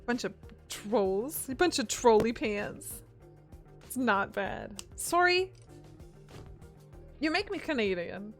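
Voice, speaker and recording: Woman streamer, high voice, very lively, chatty and giggly, faint music behind. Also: slow. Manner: chatty, giggly, answers chat. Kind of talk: casual live-stream chat.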